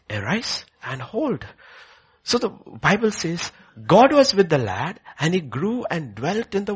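A male preacher delivering a sermon with a husky voice. His pitch is very lively, jumping high for emphasis and then falling to quiet, almost whispered passages. He keeps moving between loud declarations and hushed storytelling.

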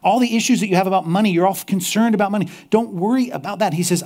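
A male pastor delivers a sermon and reads scripture aloud, swinging lively between loud emphasis and quiet intensity. His voice is high-pitched and rapid-fire, with hardly any pauses.

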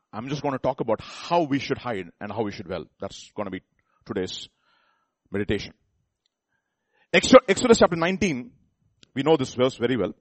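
A man's voice: mid-range voice, breathy edge, no room sound. A man preaching a sermon in a conversational way, often asking the congregation questions and restarting his sentences.

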